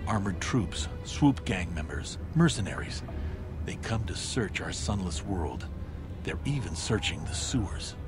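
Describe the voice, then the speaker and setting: An actor playing a solemn male village elder who speaks in measured, formal sentences. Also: deep voice, lively intonation, music in the background. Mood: grave. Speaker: game character.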